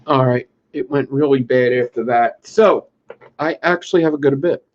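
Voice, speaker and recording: A woman's voice: rumbling low, normal speed, lo-fi sound, background noise. A woman on a live stream, muttering to herself and swearing casually while she works with wire. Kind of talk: live-stream crafting chat.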